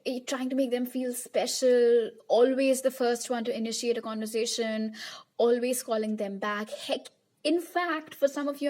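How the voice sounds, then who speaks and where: A woman's voice: on the high side, a little mellow. A young woman giving a pick-a-card tarot reading to her viewers in a chatty, reassuring way. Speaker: tarot reader.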